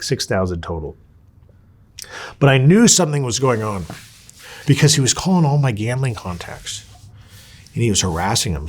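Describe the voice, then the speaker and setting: Husky, low-pitched man being interviewed, swears freely and performs the voices of people in his story. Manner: profane, animated, acts out the people he quotes.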